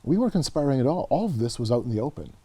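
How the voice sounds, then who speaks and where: Earnest storytelling man, dark husky voice. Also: medium pitch, rapid-fire. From Canada. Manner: earnest, animated storyteller who repeats words. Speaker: guest, researcher and author. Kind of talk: conversational interview storytelling.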